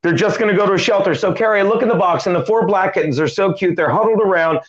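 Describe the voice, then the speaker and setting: A middle-aged man with a fairly high voice tells a rambling comic story as an interview guest. He jumps between asides and acted-out quotes. The recording sounds dull and lo-fi. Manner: animated, quick joking delivery with acted quotes. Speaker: comedian guest.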